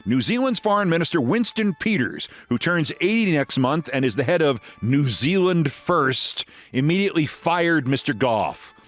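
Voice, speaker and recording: A man's voice: on the high side, very animated, normal speed, hardly any pauses, faint music behind. A man in his sixties hosting a show, giving sarcastic, theatrical political commentary and then reading a story aloud. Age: 60s. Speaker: host.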